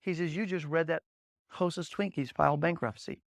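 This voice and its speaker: A man leading a motivational sales training session for new agents, telling energetic stories and driving points home with repeated "guess what" and "okay?". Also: a little high, a little fast, vocal fry, no echo, studio quality. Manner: blunt, punchy coaching delivery.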